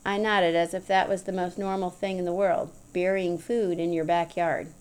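A woman's voice: fairly low pitch, little pitch movement, normal speed, a little mellow, smooth. A woman reading a story aloud in an easygoing, storytelling manner, as audiobook narrator. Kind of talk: scripted narration.

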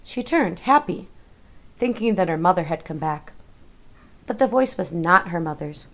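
A woman narrating a children's novel as an audiobook in a measured, expressive way. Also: lowish voice. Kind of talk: scripted storybook narration.

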